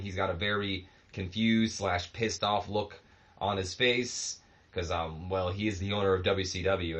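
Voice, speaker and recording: A man's voice: deep voice, muffled recording. A man casually commenting on his wrestling game, rambling with lots of fillers. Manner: rambling, relaxed, many fillers. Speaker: host of a wrestling management game series.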